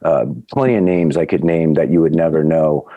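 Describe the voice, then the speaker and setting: A man speaking as a podcast guest, telling an animated anecdote about his old TV crew days and acting out the people in it. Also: a bass voice, brisk, no echo, narrow, tinny audio. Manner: lively storyteller, acts out quoted people.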